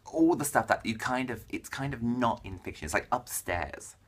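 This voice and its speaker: A man's voice: medium pitch, expressive, normal speed, husky. A young man from England chatting casually and jokily to camera as a book vlogger, often cutting himself off mid-word. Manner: chatty, jokey, self-interrupting. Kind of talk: casual vlog chat.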